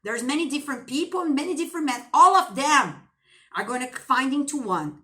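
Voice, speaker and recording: A woman with a high, bright, forceful voice gives a motivational monologue straight to her viewers. She piles up rhetorical questions with real passion. She calls her audience darling and baby as she urges them on. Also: animated, fairly quick. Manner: addresses viewers with endearments. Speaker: teacher.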